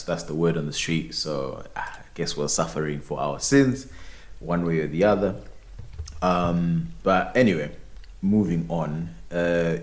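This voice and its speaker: A man co-hosting a podcast, telling a story in a casual, animated way and laughing often. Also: low voice. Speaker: podcast co-host. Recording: roomy echo.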